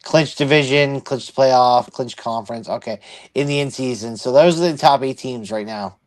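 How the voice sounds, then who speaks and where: Male co-host, casual sports banter, rambly, thinks out loud, mid pitch. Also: moderate pace. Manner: rambling, thinks aloud with many restarts. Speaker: podcast co-host.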